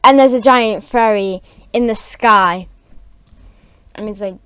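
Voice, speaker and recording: Slow rambling woman making up a story. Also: mid-range voice, a bit bright, clean tone. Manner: rambling, filler-heavy, giggly.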